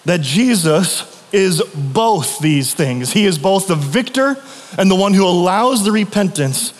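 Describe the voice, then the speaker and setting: A man's voice: high voice, lively intonation, a little slow, long reverb tail. A man preaching a sermon as pastor, telling stories in a loose conversational way with frequent restarts.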